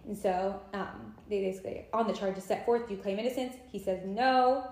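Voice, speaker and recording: A young woman co-hosting a podcast, recapping a novel in a casual, animated way and acting out the characters' lines. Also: mid-range voice, moderate pace, gravelly, roomy sound. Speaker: podcast co-host. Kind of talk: casual chat.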